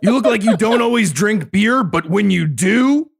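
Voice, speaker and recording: A man playing a brash woman press secretary, roasting in a deadpan way at a live comedy show. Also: sits high, moderate pace, creaky, breathy edge, full character voice.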